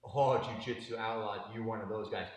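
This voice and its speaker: A man's voice: lowish voice, fairly even intonation, normal speed. A man teaching jiu-jitsu on a live stream, in casual coaching talk full of fillers. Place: gym mat room. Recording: very echoey room, voice far from mic.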